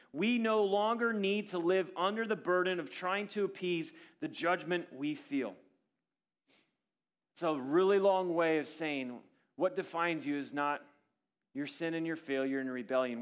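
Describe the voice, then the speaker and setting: Pastor, male, fairly high-pitched voice, earnest sermon delivery that swings between punchy emphasis and soft, quiet passages.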